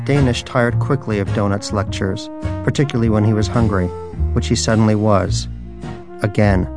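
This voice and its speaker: A man's voice: on the low side, fairly even intonation, moderate pace, over loud music. A man narrating a story in a dry, wry way. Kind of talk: scripted narration.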